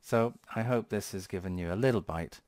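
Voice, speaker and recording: A man's voice: lowish voice, brisk, darkish tone, no echo, studio quality. A man hosting a tech channel, chatting casually in a rambling, playful way with frequent self-corrections. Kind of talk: casual vlog commentary.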